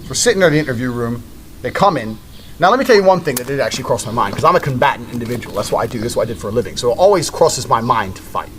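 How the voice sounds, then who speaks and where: A man's voice: medium pitch, a bit bright, slight background noise. A man telling a story in a blunt, casual way, with heavy swearing.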